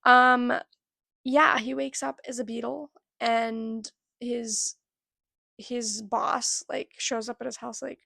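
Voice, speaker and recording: A young woman chats about her reading in a chatty, giggly way. Her voice is heavily gravelly and husky and a little high, and it sounds dry and close to the mic. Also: flat delivery, takes it slowly, bright, forceful tone, dry recording. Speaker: book vlogger. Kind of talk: casual chat.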